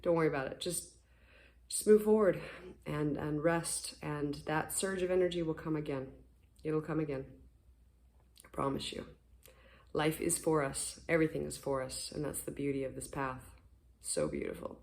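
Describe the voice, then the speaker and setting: A spiritual vlogger giving a casual morning talk to the camera, gentle, earnest and encouraging, rambling at times, with a voice a little rough from sleep. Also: medium pitch, steady tone, moderate pace.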